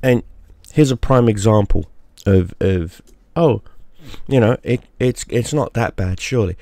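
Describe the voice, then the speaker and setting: A man's voice: lowish voice, unhurried, warm tone, no echo. A man giving a crude, mocking rant straight to the camera, often repeating himself for emphasis. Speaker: YouTube gaming creator. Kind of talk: profane ranting monologue.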